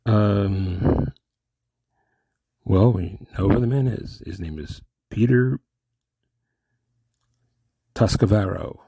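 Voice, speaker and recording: A man's voice: fairly low pitch, animated, takes it slowly, vocal fry, pauses often, mellow, slightly rough. A man performing a comic dialogue with himself, rambling, arguing and interrupting his own lines. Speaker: solo comedic performer. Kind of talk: self-dialogue character impressions.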